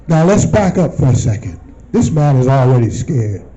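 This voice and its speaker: A man teaching from scripture to a group, often pausing to ask them questions and repeating phrases for them to answer. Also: medium pitch, very animated, mellow, muffled recording. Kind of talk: call-and-response Bible teaching.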